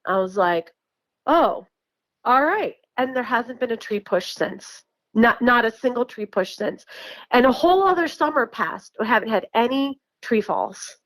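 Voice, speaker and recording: A woman's voice: fairly high pitch, expressive, normal speed, dry recording, rough recording. A woman from New York casually telling her story in a chatty way, with frequent laughs, fillers and restarts. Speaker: guest recounting encounters.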